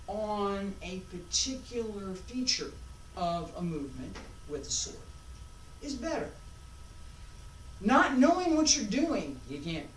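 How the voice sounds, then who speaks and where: A woman's voice: medium pitch, slight background noise. A woman teaching a martial arts class as she demonstrates, thinking aloud with rhetorical questions. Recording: roomy sound from a distant mic.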